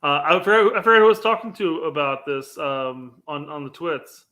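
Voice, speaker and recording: A man's voice: a little high, fairly even intonation, moderate pace, pushed and bright. A man co-hosting a casual sports podcast, easygoing and explanatory, laughing along with his co-host.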